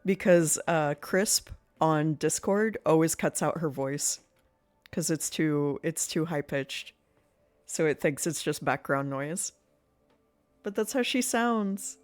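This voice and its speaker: A woman's voice: deep voice, takes it slowly, soft background music. A woman streamer chatting casually and playfully to her viewers while she plays a game, often breaking into giggles. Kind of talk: casual live-stream chat while gaming.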